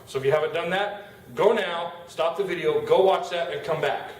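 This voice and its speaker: A man teaching a grammar lesson to his class, patiently drawing out example words slowly and repeating them. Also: a little high. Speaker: Spanish teacher. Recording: very echoey room, distant mic, faint hiss.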